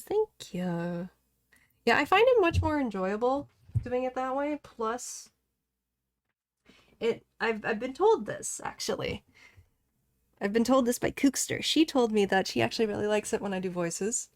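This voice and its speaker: A woman's voice: a little high, dry recording, studio quality. A woman chatting casually and giggling while live streaming a game, rambling and talking back to the game.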